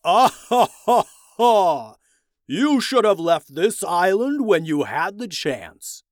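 Man doing a loud, gloating villain king, cackling and higher than his own voice. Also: big pitch swings, takes it slowly, no room sound, studio quality, exaggerated voice. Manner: loud, gloating, theatrical laugh. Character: booming villainous male Ice King.

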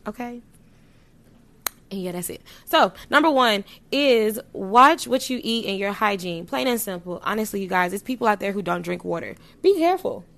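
A woman vlogging to camera in a casual chat, frank and playful with slang and swearing, her loudness jumping up and down as she talks. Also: mid-range voice, moderate pace, creaky. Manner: animated, sudden jumps in loudness. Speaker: vlogger giving sex advice.

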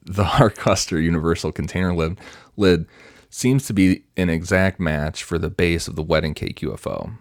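A man presenting researched notes on a casual podcast, reading them in an even, matter-of-fact way. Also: sits low, moderate pace, dry recording, clean studio sound.

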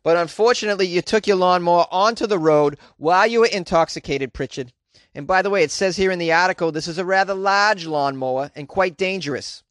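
A brash, blustery guy with a thick Boston accent, as a news host puts him on, barrels through a story about a drunk driver with loud, exaggerated emphasis. His slightly high voice comes through a dry, close mic. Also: a little fast, dry recording.

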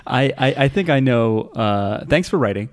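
A man's voice: mid-range voice, lively intonation, normal speed. A man hosting a casual podcast chat, dry and self-deprecating, often laughing. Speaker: podcast host.

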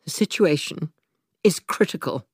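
Brief: menacing commander voiced by a woman, silky and controlled, animated intonation. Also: deep voice, measured pace, breathy edge, dry recording, studio quality, voice pushed up, heavily acted. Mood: coldly smooth.

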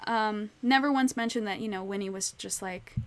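A woman with a mid-range voice and a moderate pace joins a casual book discussion. Telling scenes with animation, she leans heavily on "like" and "you know."

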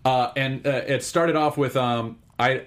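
A young man in casual chat, excitedly recapping a film scene by scene with lots of fillers and restarts. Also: medium pitch, a little slow. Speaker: podcast co-host.

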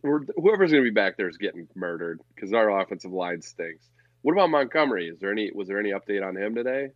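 Man, low-pitched, blunt, profane, ranting sports podcast co-host, dry dull recording. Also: sing-song, quick pace, no echo. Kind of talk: casual chat.

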